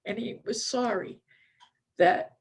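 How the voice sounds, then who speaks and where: A woman's voice: on the high side, takes it slowly, creaky, husky. An older woman speaking at a conference, telling her recovery story in a candid, conversational way with frequent fillers. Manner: candid, conversational, many "you know" fillers. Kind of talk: personal testimony talk.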